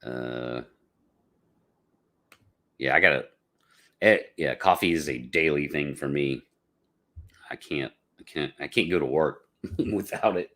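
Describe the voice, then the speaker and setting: Man, very low voice, casual livestream host, rambling, relaxed, lots of ums. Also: slow, long pauses. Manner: rambling and laid-back, with many fillers. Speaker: podcast host chatting with live viewers.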